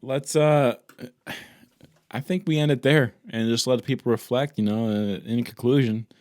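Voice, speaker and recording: A man with an average-pitched voice speaks casually on a podcast and offers a friend support. He pauses often with "uh" and sounds easygoing. The recording is dry and close to the mic. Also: steady tone, a little mellow, dry recording. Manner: easygoing, supportive, with halting "uh" fillers. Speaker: podcast co-host. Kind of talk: casual chat.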